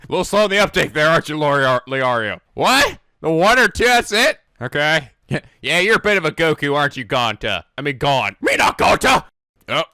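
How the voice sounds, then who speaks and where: Animated, high-voiced reaction host. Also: male voice, moderate pace, no room sound. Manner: animated, laughs often, swears, exclaims. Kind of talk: casual reaction commentary.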